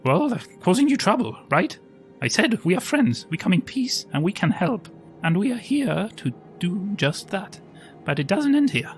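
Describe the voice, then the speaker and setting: A man doing an earnest party leader in a tabletop game, pleading and persuasive. The voice is raised and lively, rising and falling a lot. Faint music plays underneath. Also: high-pitched, moderate pace, voice pushed up.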